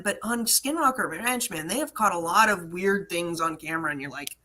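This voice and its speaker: Bright, chatty American woman host. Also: medium pitch, normal speed. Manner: chatty, animated, laughs often. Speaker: online selling host. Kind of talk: casual live Q&A chat.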